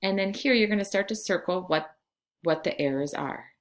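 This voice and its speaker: A woman in her forties from California, giving a recorded Spanish lesson to her class in slow, clear instructions. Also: lowish voice. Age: 40s. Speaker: Spanish teacher.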